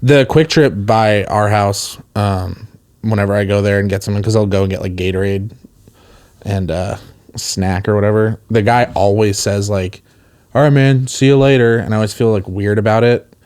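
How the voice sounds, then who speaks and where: A young man co-hosting a casual podcast, talking in an animated, defensive way and swearing freely. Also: lowish voice, moderate pace. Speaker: podcast co-host.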